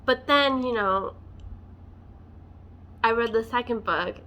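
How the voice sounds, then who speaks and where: A woman's voice: on the high side, slow pace, bright, forceful tone. A woman vlogging a casual, passionate book rant, talking emotionally and filling her speech with "like.". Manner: passionate, emotional, many fillers like "like".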